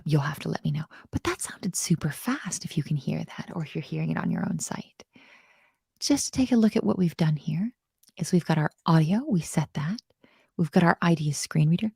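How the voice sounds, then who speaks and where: Brief: woman coding instructor, animated and self-deprecating, husky, with a dry, close sound. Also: on the low side, dry recording. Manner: bubbly, self-mocking, with murmured asides. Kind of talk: live coding lesson.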